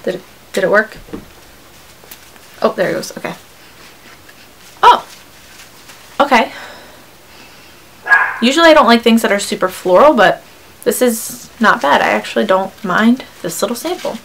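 A woman's voice: a little high, expressive, a little slow, vocal fry, pauses often, a bit bright, slight background noise, low-quality recording. A young woman vlogging in a casual, chatty, upbeat way as she unboxes beauty samples, with frequent ums and likes.

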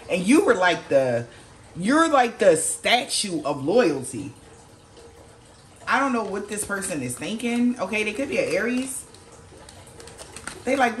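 A woman's voice: echoey room, a little hiss or hum. A woman giving a casual tarot reading, slangy and swearing freely, acting out what others might say. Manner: slangy, swears, quotes people in lowered voice. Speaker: tarot reader.

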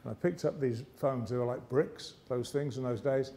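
An English man giving a motivational speech on stage, telling a lively story and slipping into other people's voices. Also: medium pitch, moderate pace. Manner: lively yarn-spinning with character voices. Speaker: motivational speaker. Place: arts centre stage, live audience.

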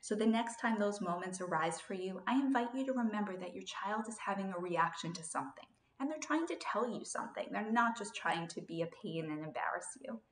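A woman in her thirties explains a parenting technique in a calm, steady instructional talk, now and then acting out what a parent might say. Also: mid-range voice, fairly quick, few pauses, echoey room. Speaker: parenting educator.

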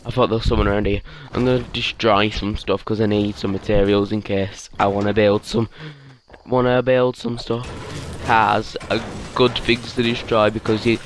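A man's voice: on the low side, flat delivery, moderate pace, a little hiss or hum. A man giving casual, rambling gameplay commentary, half asleep and easily startled. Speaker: gaming YouTuber.

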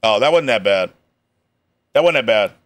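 A man's voice: lowish voice, animated, moderate pace, fairly bright tone, a little hiss or hum. Young guy streamer riffing on a video, slangy and jokey, laughs a lot. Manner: joking, slangy, laughs often. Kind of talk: casual reaction commentary.

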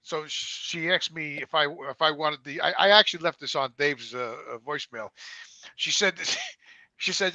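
A man's voice: a little high, moderate pace, sharp tone, dry recording, lo-fi sound. A man co-hosting a podcast, telling a story in casual, stammering, swearing talk. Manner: swearing, stammering, mimics voices in his story. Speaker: podcast co-host.

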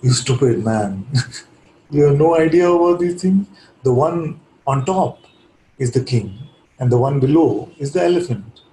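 A man's voice: fairly high pitch, lively intonation, moderate pace, darkish tone, a little hiss or hum, pitched above the performer's own voice, natural voice. Irritated scornful man, as a storyteller puts him on. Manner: scornful, impatient. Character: irritated proud man mocking a beggar. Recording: echoey room.

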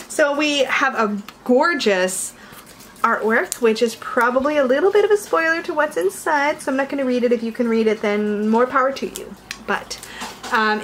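Excitable woman vlogger, high sing-song voice, faint background noise. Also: poor audio. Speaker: tarot reader and video host. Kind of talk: casual unboxing vlog.

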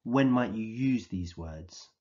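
A man with a fairly low voice that rises and falls a great deal, leading a vocabulary lesson for small children. He speaks slowly and encouragingly and acts out each word as he defines it. The recording is dull and lo-fi. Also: expressive, mellow. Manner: slow, clear, encouraging, acts out the words he defines. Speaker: early years teacher.

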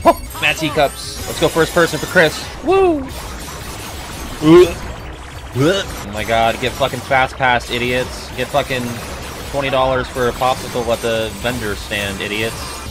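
A man giving casual gameplay commentary, excitable and quick to swear, yelping and exclaiming at the action. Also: mid-range voice. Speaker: let's play commentator. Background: game music.

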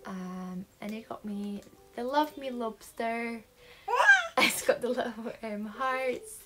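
A woman's voice: fairly high pitch, background noise. A nineteen-year-old woman with a Scottish accent, chatting casually through a beauty haul with lots of um fillers. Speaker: beauty vlogger.

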